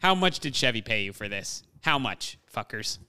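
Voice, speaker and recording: A man's voice: medium pitch, normal speed, smooth, dry recording. A man co-hosting a movie review podcast, chatting casually, swearing often and laughing as he rants. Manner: swears a lot, laughs often, animated ranting. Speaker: podcast co-host.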